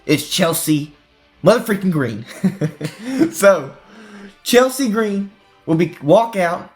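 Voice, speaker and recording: Man, wrestling show host, slightly high voice, animated recap, faint music behind. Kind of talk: casual prediction chat.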